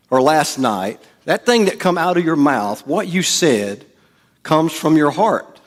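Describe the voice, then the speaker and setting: A man preaching a sermon as pastor, in a casual, joking way and acting out quotes. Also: a little high. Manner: conversational preaching with jokes and acted-out quotes. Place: church.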